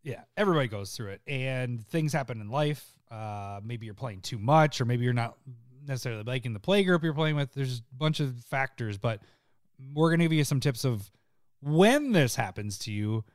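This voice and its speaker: A man's voice: medium pitch, lively intonation, normal speed, dry recording, studio quality. A man co-hosting a podcast in casual chat, joking and laughing often. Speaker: podcast co-host.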